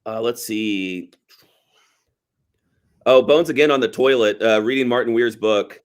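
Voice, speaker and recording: A man in relaxed, casual podcast conversation, chatty and quick to laugh. His voice sits at an ordinary middle pitch, and he slips into acted voices when quoting lines. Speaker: podcast co-host. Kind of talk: casual movie podcast chat.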